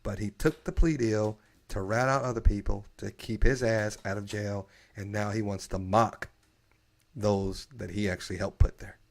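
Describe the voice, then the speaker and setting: Gravelly-voiced man ranting on a live stream. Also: lowish voice, normal speed. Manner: animated, opinionated, many restarts. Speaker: podcast host. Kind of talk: casual live-stream chat.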